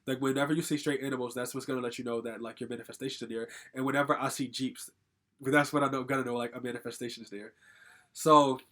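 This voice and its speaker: A young man from Connecticut tells a personal story in a loose vlog style. He talks at a rapid clip, circling back on himself with constant "like" fillers and casual swearing. His voice sits in a middle register. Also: mid-range voice, level tone, fairly bright tone. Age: young adult. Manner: rambling, heavy use of "like" fillers, swears casually. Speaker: storytime vlogger.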